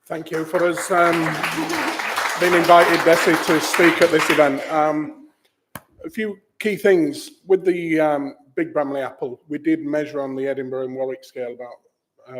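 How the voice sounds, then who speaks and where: Man, charity chief executive, plain-spoken conference presenter, fillers, mid pitch. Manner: matter-of-fact, quoting figures, with fillers. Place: conference room.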